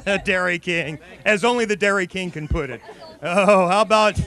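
A man's voice: sits high, moderate pace, bright, forceful tone. A man emceeing a contest, giving playful mock-sportscaster commentary and laughing along.

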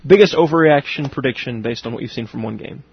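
Quick husky man steering sports talk. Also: mid-range voice, lo-fi sound. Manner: quick, dry, steers the segment. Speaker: sports radio host.

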